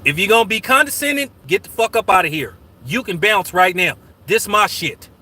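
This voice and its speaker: A man's voice: high-pitched, expressive, fairly quick, sharp tone. A man hosting his own channel in casual livestream talk, profane and combative. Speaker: channel host.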